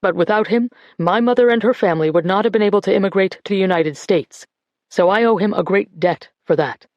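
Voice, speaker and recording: A woman voicing a grieving man who gives a slow, measured eulogy at a church funeral. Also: medium pitch, darkish tone, dry recording, muffled recording, natural voice. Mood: solemn, reflective. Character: grieving grandson giving a church eulogy, male adult.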